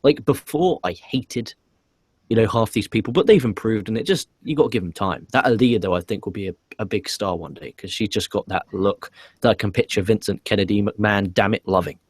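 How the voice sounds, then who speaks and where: A man's voice: on the low side, a little fast, slightly rough, no echo. A man giving a blunt, profane, ranting wrestling show review in casual podcast talk, often stumbling into restarts.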